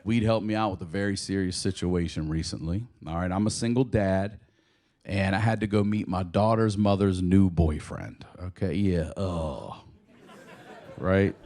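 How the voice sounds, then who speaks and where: Lively middle-aged male stand-up comic. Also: fairly low pitch. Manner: animated, swearing, playful storytelling. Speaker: stand-up comedian. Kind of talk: stand-up comedy set. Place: comedy stage before a live audience.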